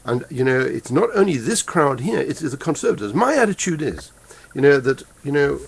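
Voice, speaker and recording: A man angrily delivering a heated political rant to his webcam, halting and repeating himself as he goes. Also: mid-range voice, sing-song, creaky, breathy edge. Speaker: political commentator. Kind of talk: impassioned political rant to camera. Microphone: webcam microphone.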